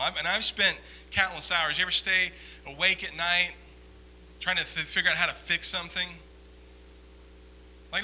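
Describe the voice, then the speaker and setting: A man's voice: a little high, bright, forceful tone, slight background noise, poor audio. A man giving a conversational sermon as a pastor, rambling through self-deprecating stories with humor.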